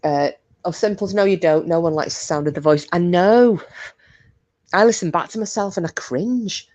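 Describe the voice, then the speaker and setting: Chatty low-voiced woman. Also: normal speed, a little mellow. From England. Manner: chatty, swears freely, laughs often. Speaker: livestream host. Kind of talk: casual live chat.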